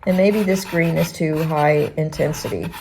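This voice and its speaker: A woman art teacher thinking aloud as she demonstrates painting, relaxed and halting, with restarts. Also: sits low, slight background noise.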